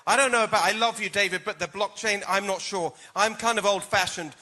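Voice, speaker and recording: A man's voice: high-pitched, a little fast, bright, forceful tone. A man with a British accent answering a debate question as a political candidate, with emphatic stump-speech delivery.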